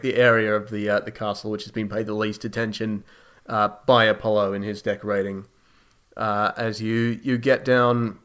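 A man's voice: mid-range voice, a bit bright, clean tone. A man narrating as game master in a tabletop game, with a hesitant, filler-heavy delivery.

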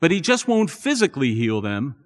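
A man preaching a sermon as a pastor, earnest and building to animated emphasis. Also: fairly high pitch, brisk. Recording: long reverb in a church hall.

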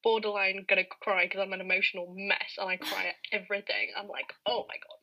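A woman's voice: mid-range voice, level tone, fast talker, dull audio. A young woman co-hosting a podcast, telling rambling, giggly anecdotes with lots of "like". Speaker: podcast co-host. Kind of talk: casual chat.

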